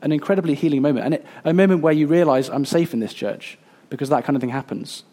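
Earnest male pastor with a mellow voice. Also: fairly high pitch. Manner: earnest, halting with fillers and restarts. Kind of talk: sermon.

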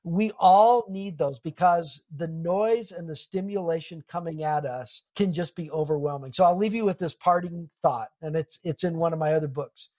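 A man's voice: on the high side, moderate pace, hardly any pauses, dark tone. A middle-aged man, a pastor and author, talking earnestly and reflectively in an interview, with a touch of humor. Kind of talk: conversational interview.

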